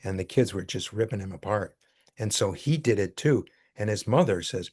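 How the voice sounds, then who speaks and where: An older man telling a story in a casual talk, earnest and halting, with many fillers. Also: on the low side, lively intonation, darkish tone, breathy edge. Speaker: speaker taking questions.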